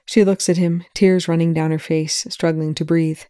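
An audiobook narrator quietly reading fan fiction in an even tone. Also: mid-range voice, moderate pace, no echo, clean studio sound.

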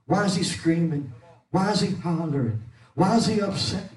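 A pastor who preaches a holiness sermon, shouting with rhythmic, rising cadences and growing short of breath. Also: male voice, high voice, normal speed. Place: church sanctuary. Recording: echoey church, mic at a distance.

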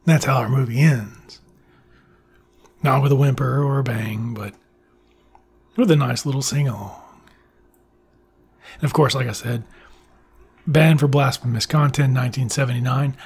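Male film-recap host, gravelly and a bit husky, casual and chatty. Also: medium pitch. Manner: loose, chatty retelling with casual swearing. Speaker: film reviewer.

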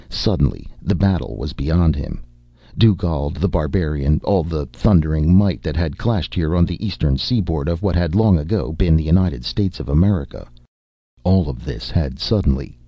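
Very deep gravelly male narrator. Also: no room sound. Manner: dramatic, lively storytelling. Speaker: audiobook narrator. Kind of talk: scripted narration. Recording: dull lo-fi recording.

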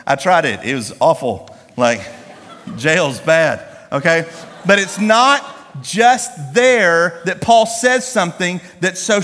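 A man preaching a sermon in a church, animated and humorous, reading scripture slowly with emphasis. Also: a little high. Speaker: pastor. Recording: echoey hall with long reverb.

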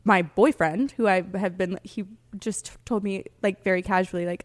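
A woman's voice: medium pitch, moderate pace, background noise. A woman in her twenties, a podcast guest, chatting casually and telling stories with lots of laughter. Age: 20s. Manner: animated storyteller, laughs often. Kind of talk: casual chat.

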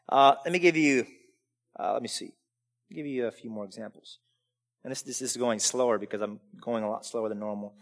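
A man preaching a sermon as pastor, emphatic, swinging between loud preaching and quiet asides. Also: medium pitch, fairly quick. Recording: long hall reverb.

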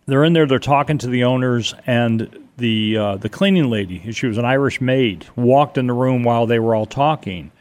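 An older man from Connecticut, telling a long personal story in a rambling, animated way, with many restarts. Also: medium pitch, normal speed, few pauses. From Connecticut, USA. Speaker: guest telling a ghost story. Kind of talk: casual storytelling on radio.

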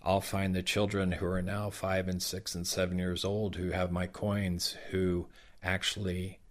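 A man's voice: low voice, little pitch movement, a little slow. A middle-aged man with a Southern American accent who works as Santa, telling stories in an interview and acting out the children's words. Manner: warm, anecdotal, acts out children's words. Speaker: professional Santa Claus. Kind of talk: interview storytelling.

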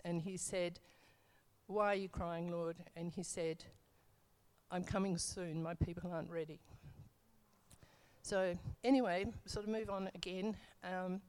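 A woman's voice: on the low side, darkish tone. Woman sharing a rambling church testimony. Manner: rambling, hesitant, with many fillers and self-corrections. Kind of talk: church testimony, casual storytelling.

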